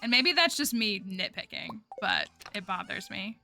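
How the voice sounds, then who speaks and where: With game music playing, this American gaming streamer rambles through casual chat, leaning heavily on "like" as a filler. She has a mid-range, expressive voice that sounds gravelly, pushed and bright, delivered at a moderate pace.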